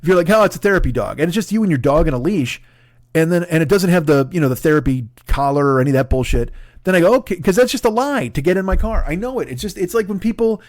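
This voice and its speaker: Man, forties, podcast comic; profane animated rant, dry close sound. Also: fairly high pitch, fast talker, no room sound. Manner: profane, ranting, animated storytelling. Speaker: comedian podcast host. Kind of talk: casual comedic monologue.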